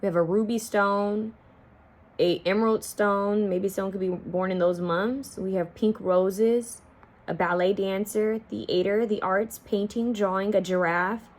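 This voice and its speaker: A woman's voice: mid-range voice, fairly even intonation, a little slow. A young woman giving an intuitive pick-a-card tarot reading, talking casually to her viewers and half-singing song lyrics as she goes. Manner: chatty, addresses viewers as y'all, half-sings song lyrics.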